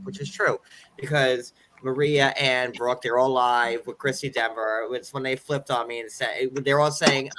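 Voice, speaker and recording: A man with a bright, forward voice hosts a casual livestream chat. He rambles, breaks off mid-thought and reads messages aloud in an unhurried, conversational way. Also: mid-range voice, fairly even intonation, slight background noise. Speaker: livestream host.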